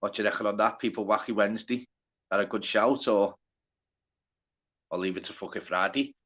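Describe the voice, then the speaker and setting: A man with a Liverpool accent runs a loose, chatty live stream, cursing freely and calling out viewers by name. His voice sits on the low side. The recording sounds dull and lo-fi. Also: fairly quick, fairly bright tone, breathy edge. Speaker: livestream host. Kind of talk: casual live stream chat.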